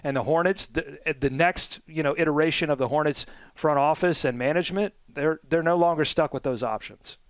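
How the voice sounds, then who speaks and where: A man's voice: a little high, a little fast, hardly any pauses, clean tone, dry recording. A man co-hosting a sports podcast, rambling and self-deprecating with lots of restarts. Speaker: podcast co-host. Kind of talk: casual sports podcast chat.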